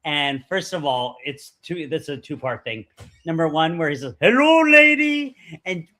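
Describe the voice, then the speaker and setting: A man co-hosting a casual movie podcast, animated and joking as he shares trivia. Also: fairly high pitch, normal speed. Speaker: podcast co-host.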